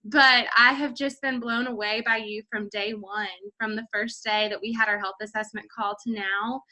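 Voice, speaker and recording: Bright, gushing woman coach. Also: mid-range voice, rough recording. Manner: gushing, warm praise, quick bursts. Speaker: health coach and nurse practitioner. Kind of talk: casual team call talk.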